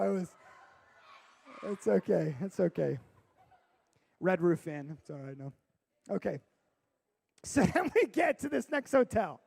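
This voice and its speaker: Animated high-voiced youth pastor. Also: male voice, a little slow, gravelly, long pauses, husky. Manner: animated storyteller, bursts into shouting for effect. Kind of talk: youth sermon with storytelling.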